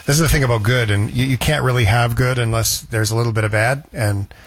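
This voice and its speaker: Husky man hosting a casual chat. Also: mid-range voice, fairly even intonation, quick pace. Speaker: host.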